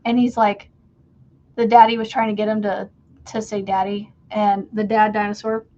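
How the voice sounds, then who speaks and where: Her voice is warm and medium-pitched, with a level tone and moderate pace. She is a homeschool mom hosting a crochet livestream, chatting casually as she works and laughing at her own stories, heard through dull, lo-fi stream audio.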